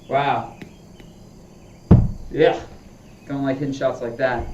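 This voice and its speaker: A man's voice: mid-range voice, level tone, takes it slowly, long pauses, heavy background noise. A man chatting casually to his viewers while practicing golf, talking himself through his swings. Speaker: golfer streaming a practice session. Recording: roomy, distant, dull lo-fi sound.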